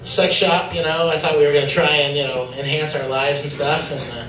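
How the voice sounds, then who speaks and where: A male stand-up comedian with a fairly high voice tells a loose, rambling set, full of fillers. The sound is roomy and distant, picked up from far off in a comedy club, with faint noise behind him. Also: level tone, fairly quick, a bit bright.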